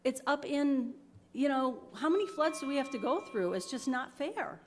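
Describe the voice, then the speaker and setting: Soft background music plays as a New York woman with a high, lively voice speaks at normal speed into a podium microphone. At the town board meeting she makes an emotional comment, apologizing while still insisting.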